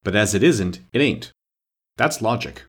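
A man's voice: fairly low pitch, animated, a little slow, breathy edge. A man voicing a stubborn, contrary little twin brother in a storybook reading.

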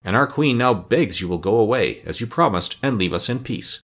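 A man's voice: lowish voice, expressive, moderate pace, a bit bright. A man voicing an earnest, formal girl guard in a storybook.

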